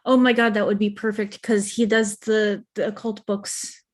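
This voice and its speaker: A woman player chatting casually during a tabletop game, playful and quick to joke about herself. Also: medium pitch, little pitch movement. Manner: playful, laughing, self-deprecating asides.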